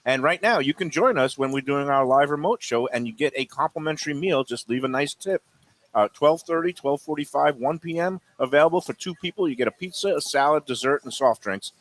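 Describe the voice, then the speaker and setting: A man's voice: on the high side, lively intonation, fairly quick. A man from Brooklyn, hosting a food show and chatting casually with his mouth full at a seaside restaurant. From Brooklyn, New York. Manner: talks with his mouth full, self-mocking. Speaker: food critic and show host. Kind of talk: casual live chat while eating. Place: seaside restaurant on a live remote.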